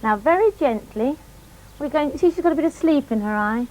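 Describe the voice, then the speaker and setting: A middle-aged woman, a riding instructor, calmly demonstrating horse care to children step by step. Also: high voice, fairly quick, rough recording. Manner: calm, gentle, explains each step patiently. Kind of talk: hands-on demonstration teaching children.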